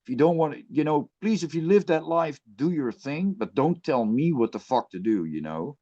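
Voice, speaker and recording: A man's voice: a little high, expressive, moderate pace, dark tone, dull audio. A man who plays in a death metal band, ranting bluntly and with plenty of swearing in a casual podcast chat.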